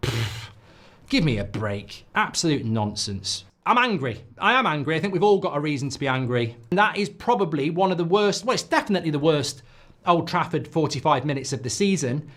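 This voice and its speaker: A man's voice: fairly high pitch, big pitch swings, fairly quick, fairly bright tone. A middle-aged man hosting a football watchalong, ranting in live match reaction with frequent swearing.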